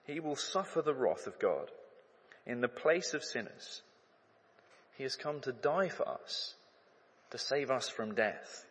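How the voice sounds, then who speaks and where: A man in his thirties preaching a sermon, conversational and animated, acting out crowd shouts as he tells stories. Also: mid-range voice, a little slow, pauses often, husky. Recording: long hall reverb.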